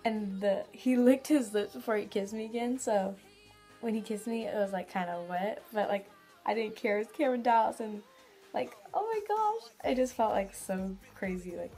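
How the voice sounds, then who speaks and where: A woman's voice: mid-range voice, fairly even intonation, normal speed, warm tone, soft background music. A teenage girl telling a vlog story in a giddy, gushing way, full of "like" fillers. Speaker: vlogger.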